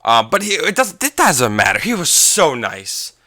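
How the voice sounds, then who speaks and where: A man's voice: fairly high pitch, huge pitch swings, moderate pace, pushed and bright, no room sound. A teenage boy casually telling a long story, rambling and correcting himself as he goes. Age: teens. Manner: rambling, self-correcting, chatty. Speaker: gaming channel vlogger.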